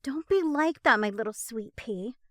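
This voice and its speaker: A teasing young adult newly in a man's body, voiced by a woman in an audio story. The voice is pitched high and swings widely, loud and pushy. It is dry and close. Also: very animated, measured pace, no echo. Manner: playful, teasing, then shrill and pleading.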